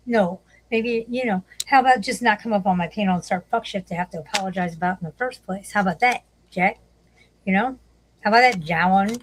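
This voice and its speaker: A woman's voice: mid-range voice, poor audio. Profane chatty woman streamer. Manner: profane, chatty, laughs often. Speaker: livestream host. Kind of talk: casual livestream chat.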